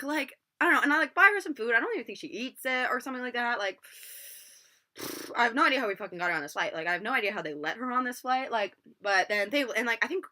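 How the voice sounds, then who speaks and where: Young woman, storytime vlog, rapid rambling delivery, bright sharp voice, lots of swearing and fillers, laptop mic. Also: on the high side, lively intonation. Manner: rambling, swears a lot, constant filler words. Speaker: vlogger. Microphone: laptop built-in mic.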